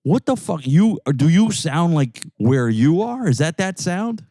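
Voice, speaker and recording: An older man with a thick Brooklyn New York accent riffs crudely as a podcast co-host inside a car. His pitch jumps all over the place as he rambles and swears. The sound is close and dry. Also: measured pace, no room sound. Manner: profane, rambling, animated. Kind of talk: crude casual banter.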